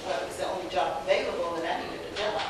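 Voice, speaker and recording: A woman's voice: fairly low pitch, very fast. Older Southern woman telling stories in an echoey hall. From North Carolina. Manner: lively anecdotes, acting out dialogue, frequent laughter. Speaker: panelist, former teacher. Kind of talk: personal storytelling on a panel. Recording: very echoey distant hall recording with background noise.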